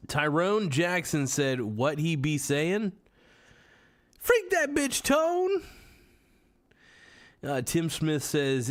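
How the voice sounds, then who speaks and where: A man hosting a casual podcast livestream, reading chat comments aloud and answering them with crude, irreverent jokes on a close mic. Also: mid-range voice.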